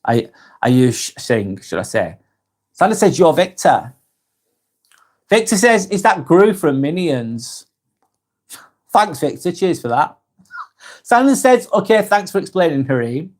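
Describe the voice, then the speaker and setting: A man's voice: high-pitched, sing-song, unhurried, long pauses. A man in his forties with a Lancashire accent, hosting a casual live vlog and reading viewer comments aloud, chatty and friendly, often restarting and correcting himself. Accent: Lancashire English. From England. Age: 40s.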